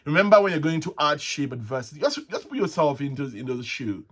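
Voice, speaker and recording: A man hosting a casual solo talk show, rambling and halting, with frequent restarts and soft chuckles. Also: on the high side, very animated, breathy edge. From Nigeria. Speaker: host. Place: at home, with tea.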